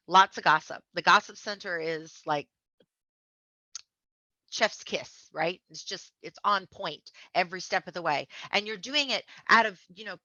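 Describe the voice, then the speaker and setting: A woman with a bright, forceful voice pitched a little low tells her story as a podcast guest, animated and acting out the people in it. The sound is dull and lo-fi. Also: normal speed, no room sound. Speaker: podcast guest, memoir author. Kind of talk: casual storytelling interview.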